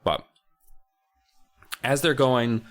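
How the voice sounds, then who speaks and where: A man's voice: medium pitch, extremely slow. A man co-hosting a podcast, casually and comically recapping a book with lots of rambling asides. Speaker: podcast co-host.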